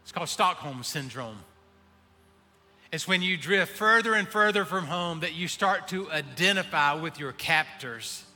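A man preaching a sermon, swinging between hushed pleading and impassioned calls. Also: high-pitched. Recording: reverberant hall with faint music. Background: faint music.

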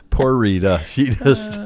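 An older man co-hosting a podcast, joking and teasing in casual chat. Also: high-pitched. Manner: joking, teasing, laughs often. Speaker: podcast co-host.

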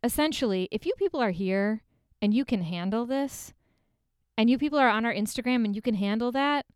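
A woman podcast co-host with a high, smooth voice, ranting casually with plenty of swearing and self-mocking asides. The sound is dry and close. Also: fairly quick, dry recording.

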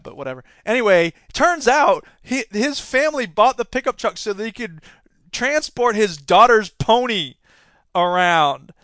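A high-pitched man rants through a casual political podcast, sarcastic and fired up, often laughing at his own jokes. His tone is bright and sharp. The recording is dry and close, with no room sound. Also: expressive, normal speed, clean tone, dry recording. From Wisconsin. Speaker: podcast host; teacher union member.

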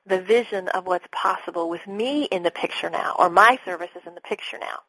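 A middle-aged woman speaks as a business coach on an interview show, her voice a little husky. She talks with animation and slips into little acted-out exchanges with clients. The sound is dry and close, with no room around it. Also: lowish voice, a little fast, no echo, poor audio. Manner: animated, acts out sales calls with clients. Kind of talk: podcast interview talk.

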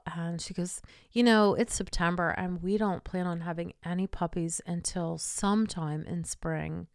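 A woman's voice: lowish voice, gravelly, clear, resonant tone, no room sound, clean studio sound. An older woman hosting a podcast, telling a personal story with feeling and sometimes dropping to a whisper. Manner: emotional, drops to whispers in tender moments. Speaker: podcast host.

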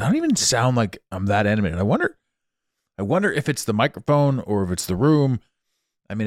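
A man's voice: on the low side, no room sound, studio quality. A Canadian man hosting a solo podcast, chatting in a rambling way and laughing often, recorded in a small dampened room on a travel mic. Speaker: podcast host. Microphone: portable travel mic.

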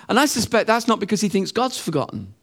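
A man's voice: high voice, a bit bright. A middle-aged man preaching a sermon in a conversational way, acting out the voices of other people.

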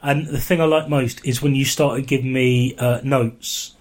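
A man's voice: medium pitch, fairly even intonation, a little slow. A man co-hosting a podcast, chatting casually with a dry, teasing, sweary manner. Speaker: podcast co-host. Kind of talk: casual chat.

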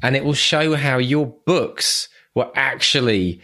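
Animated man co-hosting a podcast. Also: medium pitch, a little slow. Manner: animated, teasing banter. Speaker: podcast co-host. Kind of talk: casual podcast chat.

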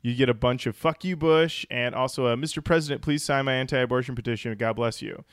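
A man co-hosting a podcast in a relaxed, joking manner, reading out listener comments and riffing on them. His voice sits at an ordinary middle pitch and sounds close and dry, with no room around it. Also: fast talker, clean tone, no echo. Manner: reads listener comments aloud with jokey asides. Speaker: podcast co-host. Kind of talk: casual comedic chat.

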